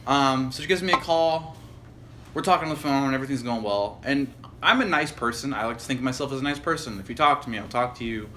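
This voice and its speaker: Bright-voiced young man, podcast co-host, rambling and sweary, faint noise behind. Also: mid-range voice, fast. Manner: rambling storyteller, heavy swearing, mocking quoted voices. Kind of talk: casual chat.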